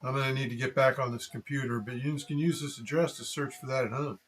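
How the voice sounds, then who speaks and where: A man voicing an easygoing, polite shopkeeper with a relaxed folksy drawl, in an audiobook reading. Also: mid-range voice, fast, lightly acted. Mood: friendly.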